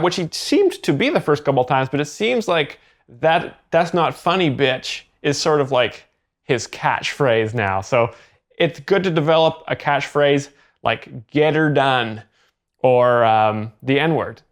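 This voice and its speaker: A man giving deadpan mock expert commentary on a comedy set, halting and restarting his sentences. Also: on the high side. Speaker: comedy show host.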